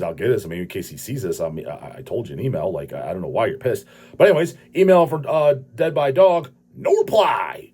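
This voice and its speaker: A man's voice: fairly low pitch, darkish tone, breathy edge. A man hosting his own channel, ranting casually in a rambling, profane way and laughing often. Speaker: channel host.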